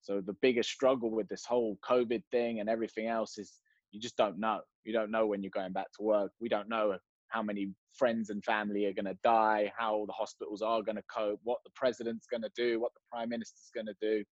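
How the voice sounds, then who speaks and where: A man thinks aloud in a steady, musing way during a casual chat. His voice is lowish, and the sound is dry and a little dull, like a lo-fi mic. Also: brisk, no echo.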